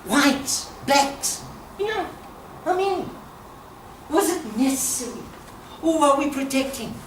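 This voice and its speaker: Animated woman speaking in a room. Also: high voice, slow pace, slight background noise. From South Africa. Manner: animated, emphatic, laughs often. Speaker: speaker at a talk. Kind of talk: passionate public talk. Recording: echoey room, distant mic, faint ambience.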